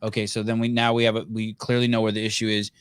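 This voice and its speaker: A man's voice: on the low side, monotone, quick pace, clear, resonant tone, no echo. A man hosting a podcast, talking bluntly and argumentatively in casual chat. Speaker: podcast host.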